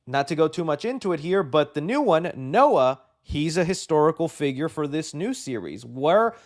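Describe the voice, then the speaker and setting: A man hosting a live movie news show, chatting casually in an excitable, rambling way with many fillers. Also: a little high, normal speed. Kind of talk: casual live-stream chat.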